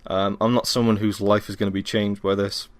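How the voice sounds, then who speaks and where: A man's voice: fairly low pitch, little pitch movement, a little fast, dry recording. A young man from Wales, hosting a casual solo podcast at home, rambling and self-deprecating with many ums, tired after a workout. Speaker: podcast host.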